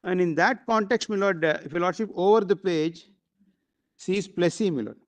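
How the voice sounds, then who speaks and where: High-pitched lawyer arguing in court, keeps saying my lord, some uhs and ums. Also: male voice, normal speed. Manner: formal, constantly addressing the bench, hesitant fillers. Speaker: advocate arguing before judges. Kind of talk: courtroom legal argument.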